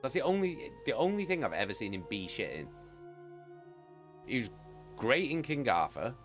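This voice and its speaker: A man's voice: medium pitch, sing-song, normal speed, faint music behind. A British man chatting casually with viewers as a streamer, rambling and swearing freely. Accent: British English. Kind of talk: casual chat.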